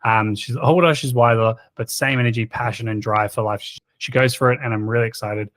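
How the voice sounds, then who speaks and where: A man in his thirties hosting a podcast, telling casual, animated, slangy stories. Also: mid-range voice, a little fast, no echo. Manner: chatty, animated, slangy anecdotes. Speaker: podcast host.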